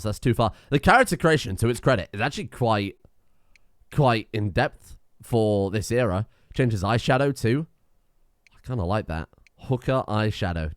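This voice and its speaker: This game streamer, an Englishman from England, gives offhand let's-play commentary as he plays, chuckling and cursing frequently. His voice sits fairly low, captured in clean studio sound with no room sound at all.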